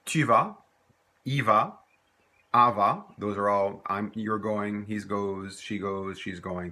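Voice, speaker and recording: A man from teaches a recorded lesson, with a lowish, husky voice and a forceful edge. He explains patiently and step by step, repeating short example phrases. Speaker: French teacher.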